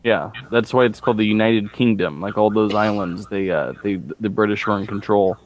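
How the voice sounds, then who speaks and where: A man with a fairly low voice talks casually as a podcast co-host. He explains things at length and swears offhandedly as he goes. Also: fairly even intonation, fairly quick, dull audio. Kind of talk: casual chat.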